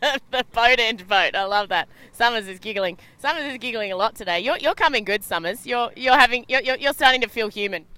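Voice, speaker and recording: A woman's voice: fairly high pitch, fairly quick, hardly any pauses, pushed and bright, no echo. A young Australian woman doing chatty, laughing live sailing-race commentary from a boat at sea. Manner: bubbly, laughs often, chatty.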